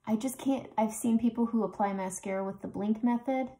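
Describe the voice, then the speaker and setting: A woman narrates a makeup tutorial in a casual, chatty way, walking through every step as she works. Her voice carries a gravelly, creaky texture. She sits close to the mic and sounds relaxed and conversational. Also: mid-range voice, a little fast. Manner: chatty, talks through each step while applying makeup.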